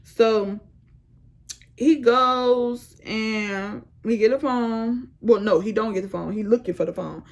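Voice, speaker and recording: A young woman vlogger telling a storytime tale in an animated, slangy, laughing way. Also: on the high side, slow pace, dull audio. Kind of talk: casual storytime.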